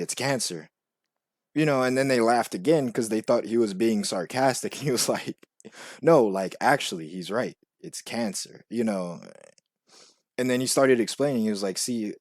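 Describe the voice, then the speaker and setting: A young man telling a rambling personal story, full of "like" and "you know", now and then acting out quoted voices much higher. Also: normal speed, darkish tone, no room sound, studio quality. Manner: rambling, filler-heavy with frequent "like" and "you know". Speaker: vlogger. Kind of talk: casual storytelling monologue.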